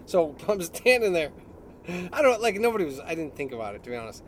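A man's voice: fairly high pitch, sing-song, fast, slight background noise. A middle-aged man telling a story in casual chat, laughing often and mimicking other people's voices. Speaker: podcast co-host.

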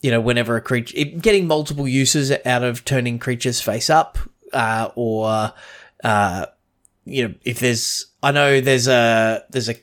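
Guy on a podcast, mid pitch, rambles and restarts a lot, chatty. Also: measured pace, fairly bright tone. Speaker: podcast co-host. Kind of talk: casual chat.

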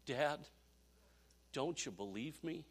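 A man's voice: extremely high pitch, quick pace, fairly bright tone, voice pushed up. A man voicing an eager little boy of four or five, insistent and pleading. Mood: tearful pleading.

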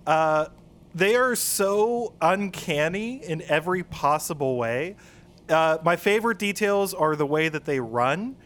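A man's voice: fairly high pitch, lively intonation, unhurried, fairly bright tone. A man co-hosting a casual podcast, enthusiastically retelling favorite movie scenes. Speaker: podcast co-host. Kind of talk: casual film discussion.

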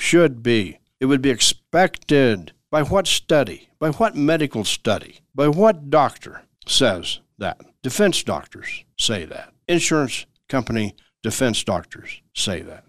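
Male attorney radio host of middling pitch, emphatic and repetitive, dry close sound. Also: big pitch swings, a little slow, hardly any pauses, dry recording. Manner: emphatic and repetitive, acts out everyday dialogues. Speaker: lawyer hosting a legal radio show. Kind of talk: conversational legal advice talk.

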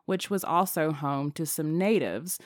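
A woman's voice: deep voice, measured pace, no echo, clean studio sound. A woman co-hosting a podcast, telling a story in casual chat and laughing often. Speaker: podcast co-host.

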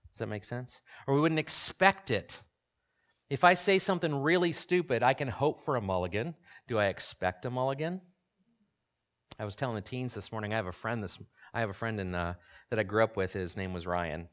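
A man's voice: on the low side, brisk, a bit bright. A man in his forties preaching a sermon in a conversational way, often asking the audience questions. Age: 40s. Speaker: pastor.

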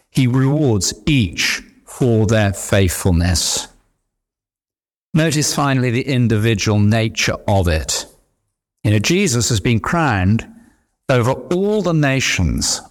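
Animated preacher. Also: male voice, mid-range voice. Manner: animated, emphatic preaching with repeated refrains. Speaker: pastor. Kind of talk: sermon.

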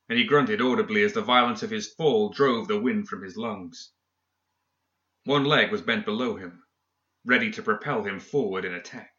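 A man reading a fantasy story aloud in steady, even scripted narration. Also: on the low side, reverberant, muffled recording. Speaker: audiobook narrator.

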